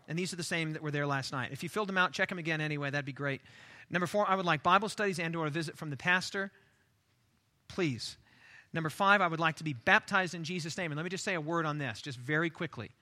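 A male pastor preaching a sermon, stressing his points by repeating key phrases and stumbling over quick restarts when he speaks off the cuff. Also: fairly high pitch, sharp tone.

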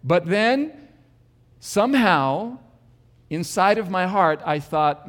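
A male preacher tells a story from the pulpit in an earnest, self-deprecating way, with a wry touch. His voice is on the higher side and trails off into a long reverb, as if spoken in a large hall. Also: lively intonation, takes it slowly, pauses often, a bit bright. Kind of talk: sermon storytelling.

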